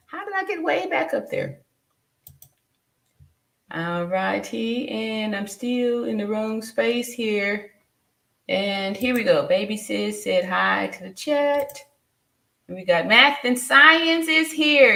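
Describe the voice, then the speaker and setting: Woman, 50s, live stream host, bright tone, fairly high voice, chatty, roomy echo. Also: vocal fry. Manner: chatty, laughs often, greets viewers by name. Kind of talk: casual live stream chat reading comments.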